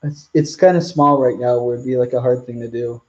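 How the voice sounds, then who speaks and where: A man's voice: mid-range voice, fairly even intonation, brisk, darkish tone, highs cut off. A man hosting a live stream Q&A outdoors, rambling casually as he reads out viewer comments. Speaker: channel host.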